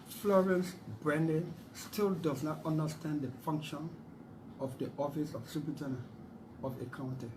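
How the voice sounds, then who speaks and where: Assertive man answering sharply, somewhat high voice. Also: a little hiss or hum, poor audio. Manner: assertive, combative. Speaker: senator, interviewee. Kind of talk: political interview answer.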